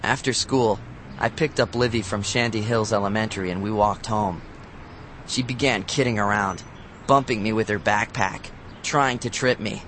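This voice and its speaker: A man narrating a children's novel as an audiobook, in a lively, expressive storytelling manner. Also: lowish voice, moderate pace, slight background noise.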